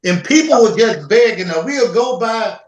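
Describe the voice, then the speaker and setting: A man's voice: high voice, animated, moderate pace. A man co-hosting a podcast, eagerly reminiscing in casual chat. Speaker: podcast co-host. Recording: roomy echo.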